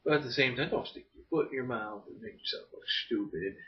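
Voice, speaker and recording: A man's voice: mid-range voice, fast talker, hardly any pauses. A man from Florida telling a stand-up comedy story in a rambling, folksy way, often checking in with "okay?". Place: a home living room. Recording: dull, roomy sound from a distant mic.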